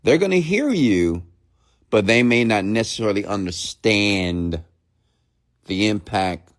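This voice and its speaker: A man coaching his live-stream audience, speaking slowly and deliberately and often checking in with them. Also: on the low side, animated. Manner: slow, deliberate speech with long pauses, often checking in with the audience; mimics fast rambling talk to show the contrast.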